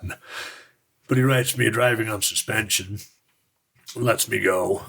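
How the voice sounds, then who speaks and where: A man from Utah, a podcast guest, telling his stories in a frank, rambling, casual way with a gravelly, raspy voice. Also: fairly low pitch, normal speed, fairly bright tone. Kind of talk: casual storytelling.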